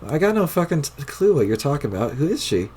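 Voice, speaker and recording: A man voicing a mellow, foul-mouthed young male troll clown while reading a webcomic aloud, with a drawling, laid-back delivery. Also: a little high, big pitch swings, fast, husky.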